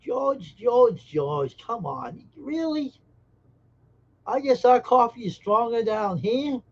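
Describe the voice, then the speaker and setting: A man's voice: very high-pitched, expressive, takes it slowly, muffled recording. A man hosting a casual live stream, joking brashly and teasing viewers in chat. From Massachusetts.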